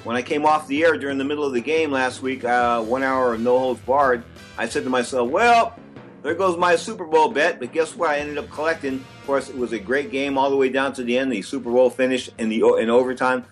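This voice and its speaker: A man's voice: medium pitch, steady tone, quick pace, soft background music. Brash male sports radio host. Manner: brash, opinionated, rambling with restarts. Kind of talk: casual sports radio chat.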